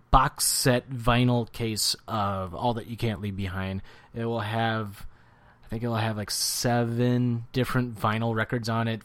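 A man's voice: medium pitch, a bit bright, dry recording. Chatty man with a dry close sound. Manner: rambling, teasing, lots of fillers. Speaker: podcast co-host. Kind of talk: casual chat about music.

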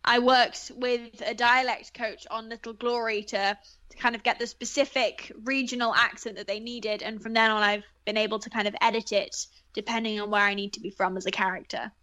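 A woman's voice: fairly high pitch, fairly even intonation, a little fast, pushed and bright. A young British woman from England, an actress chatting politely and laughing easily in an interview. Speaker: guest actress. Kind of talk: casual interview chat.

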